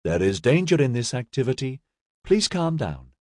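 A man's voice: medium pitch, very animated, normal speed, darkish tone, dry recording. Man putting on a nanny robot, melodious, stilted, politely scolding, audiobook character, dry close sound. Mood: chiding. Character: melodious chiding childcare robot.

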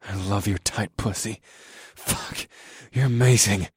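A man voicing an ardent young husband in an audio story, talking low with a growl. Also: fairly even intonation, normal speed, breathy edge, no echo, studio quality. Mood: hushed.

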